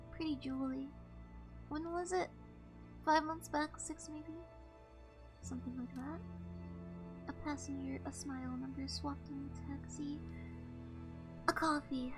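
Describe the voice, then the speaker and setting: A woman's voice: sits high, fairly even intonation, slow pace, pauses often, music in the background. A woman reading a mocking male passenger. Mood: needling. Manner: needling, teasing questions.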